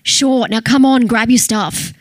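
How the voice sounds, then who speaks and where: A woman's voice: fairly high pitch, fairly even intonation, unhurried, dry recording, natural voice. Woman reading a worn-out man on the run, urgent, strained, dry close audiobook sound. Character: tense weary man on the run.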